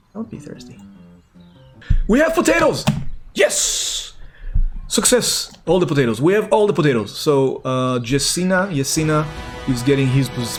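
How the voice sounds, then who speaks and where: A man streaming a game, talking casually and playfully as he reacts to what happens. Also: medium pitch. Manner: chatty and playful, reacting aloud as he plays. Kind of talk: casual gameplay commentary.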